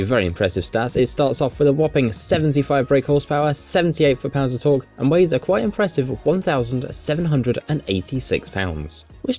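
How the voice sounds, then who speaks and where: A man's voice: medium pitch, a little mellow, dry recording. Upbeat man narrating gameplay. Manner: upbeat, wry, playful emphasis. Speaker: car game video host. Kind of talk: casual gameplay walkthrough commentary.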